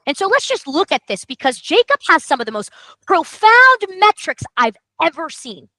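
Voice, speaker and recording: A high-pitched woman runs a sales training, her voice swooping all over as she stresses every point. Her tone is bright and energetic. The sound is close and dry. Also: normal speed, no room sound, rough recording. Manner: emphatic, excitable, repeats for emphasis. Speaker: marketing coach host.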